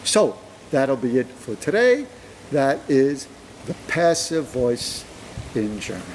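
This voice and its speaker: A man teaching German grammar, slow and deliberate, his voice rising when he stresses a point. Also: mid-range voice, very animated, a little hiss or hum, rough recording. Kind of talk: explaining grammar to camera.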